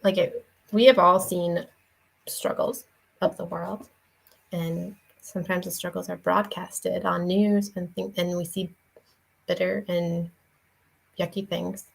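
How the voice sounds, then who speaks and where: A woman's voice: on the low side, flat delivery, takes it slowly, vocal fry, long pauses, rough recording. A young woman giving a casual devotional talk in an earnest, conversational way, with many fillers and restarts. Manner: earnest, shares personal story. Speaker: faith vlogger and parent.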